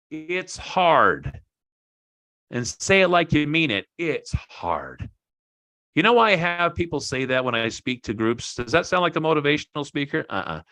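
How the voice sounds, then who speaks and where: Motivational speaker, male: bright, forceful voice, dry close sound, punchy and emphatic. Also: fairly high pitch, dry recording. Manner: emphatic, repeats key phrases, jokes with listeners. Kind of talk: motivational talk to an online group.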